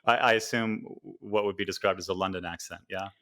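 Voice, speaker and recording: An American man hosting a podcast interview, friendly, with frequent chuckles and halting fillers. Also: deep voice, steady tone, pushed and bright. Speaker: podcast host.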